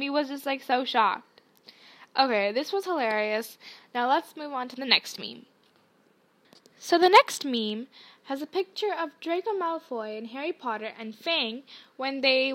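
A woman's voice: high-pitched, pushed and bright. A woman hosting a podcast, chatting casually and reacting to memes, peppering her talk with "like". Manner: chatty, frequent "like" fillers. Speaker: podcast host.

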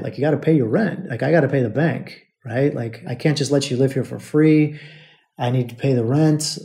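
A male podcast host tells a personal story in a loose, conversational monologue. His voice is mellow and dark, at an ordinary pitch for a man. He circles back with repeated phrases and speaks to his listeners as brothers.

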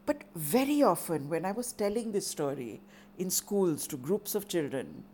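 A woman telling a story dramatically and with measured delivery. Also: fairly low pitch, big pitch swings, darkish tone, a little hiss or hum. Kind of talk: oral storytelling performance.

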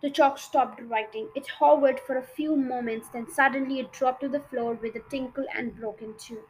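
A woman reads a children's novel aloud in a high voice. Her reading is expressive and has a few small slips. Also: moderate pace, noisy background. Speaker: storybook reader.

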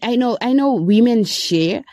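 A young woman from Zimbabwe tells a story in a relaxed, chatty way. Her voice sounds mellow and warm, and it jumps high whenever she acts out someone she quotes. The recording is dry and close to the mic. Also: measured pace, no room sound. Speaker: podcast host. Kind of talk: casual storytelling.

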